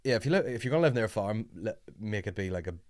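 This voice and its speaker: A man chatting casually as a podcast host, telling animated stories with plenty of swearing. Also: lowish voice, very fast, dry recording, studio quality. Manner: animated storytelling, swearing, acting out voices. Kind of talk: casual chat.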